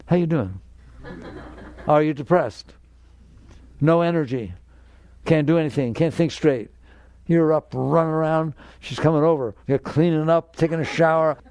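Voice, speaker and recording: An older man with a gravelly voice gives a spiritual talk, direct and emphatic. His tone is dark and mellow, and the recording is dry and close. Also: on the high side, normal speed, pauses often, no echo. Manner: emphatic, direct, acts out inner voices in quotes. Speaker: spiritual teacher.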